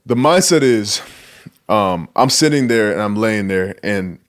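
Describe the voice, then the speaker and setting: A man's voice: on the low side, expressive, measured pace. A man in his twenties from Nigeria, a basketball player speaking candidly and reflectively in a casual interview, with casual swearing. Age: 20s.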